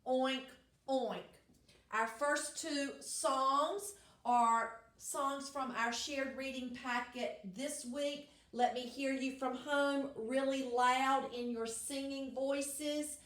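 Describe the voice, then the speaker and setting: A woman's voice: high voice, steady tone, slow, a bit bright. A woman teacher giving a recorded class lesson, speaking in a cheerful sing-song way and leading songs. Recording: echoey room.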